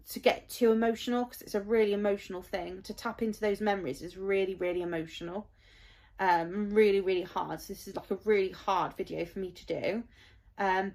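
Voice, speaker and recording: A woman, talking in a heartfelt, rambling vlog as a parent, with many fillers. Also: mid-range voice. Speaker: parent vlogger. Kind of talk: casual vlog monologue.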